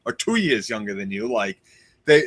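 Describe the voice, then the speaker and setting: A man's voice: on the low side, very animated, moderate pace. Joking man in a casual chat. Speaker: podcast co-host.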